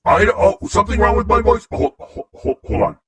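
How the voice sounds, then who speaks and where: A man's voice: high voice, brisk, vocal fry, fairly bright tone, breathy edge. A man in casual video chat whose voice runs through a voice changer, joking and laughing as he talks to strangers. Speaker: host chatting with strangers online. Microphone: computer mic on a video chat.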